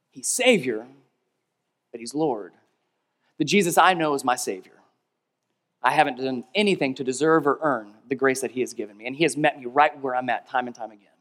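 A male pastor delivering a sermon, leading a call-and-response and swinging between emphatic peaks and quiet, low stretches. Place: large church hall. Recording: long reverb of a large hall.

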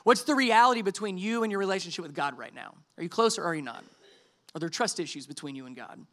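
A middle-aged male pastor delivers a conversational sermon with a high, bright voice. He slips easily into acting out quoted lines and keeps his tone lively. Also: quick pace. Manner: conversational, animated preaching with quoted dialogue.

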